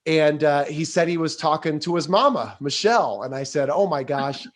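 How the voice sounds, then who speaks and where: A man's voice: a little high, animated, normal speed. A man hosting a podcast interview, effusive and full of praise, with frequent filler sounds. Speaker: podcast host.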